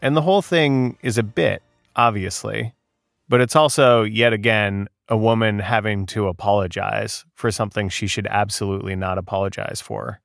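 Male co-host narrator, gravelly lower voice, dry studio sound, measured with pointed asides. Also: fairly even intonation, fairly bright tone, dry recording, faint music behind. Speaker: podcast co-host. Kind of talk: scripted narration.

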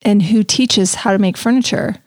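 A woman's voice: medium pitch, normal speed, no echo, studio quality. A woman hosting a podcast, chatting casually and telling stories in a bubbly way. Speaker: podcast host. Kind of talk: casual chat.

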